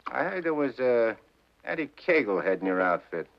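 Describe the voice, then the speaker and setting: A middle-aged actor playing a tough gangster back from the dead, talking in slangy, sardonic menace in 1940s film style. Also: male voice, medium pitch, sing-song, normal speed, gravelly. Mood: needling. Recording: muffled 1940s film soundtrack with score.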